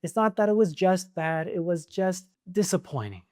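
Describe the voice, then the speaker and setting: A man with a voice on the higher side for a man talks casually to his viewers as a channel host. He is animated and pushes his points with exasperated rhetorical questions. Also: moderate pace. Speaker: video essay host. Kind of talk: casual opinion commentary to camera.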